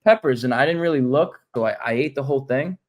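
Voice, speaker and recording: A man's voice: mid-range voice, fast talker. A man co-hosting a podcast, telling a rambling story in casual chat with many restarts. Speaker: podcast co-host.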